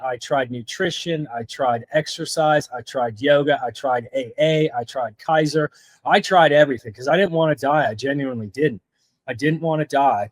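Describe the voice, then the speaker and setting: A man's voice: on the high side, no echo. A middle-aged man earnestly recounting a personal story as a podcast guest, full of "like" fillers. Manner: earnest, heavy use of "like" fillers.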